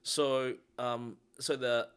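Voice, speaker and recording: Bright-voiced Australian man telling stories. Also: medium pitch, drawn-out words, smooth. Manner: animated storyteller, laughs through his stories. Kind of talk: casual podcast chat.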